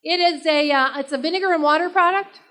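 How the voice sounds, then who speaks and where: A woman's voice: high voice, fast talker, fairly bright tone. A woman performing a stand-up comedy set on a live stage, brash and chatty, working the crowd. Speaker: stand-up comic.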